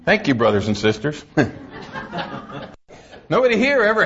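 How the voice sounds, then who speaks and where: A middle-aged man preaches in a church with a high voice. He has a folksy, humorous way of telling stories. The recording sounds dull and lo-fi. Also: huge pitch swings, normal speed, long pauses, a bit bright. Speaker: pastor. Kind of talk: sermon.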